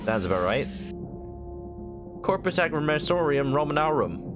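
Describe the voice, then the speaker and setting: A man's voice: a little high, very animated, moderate pace, over music. A male game streamer reading game text aloud and joking, slipping into a mock southern drawl.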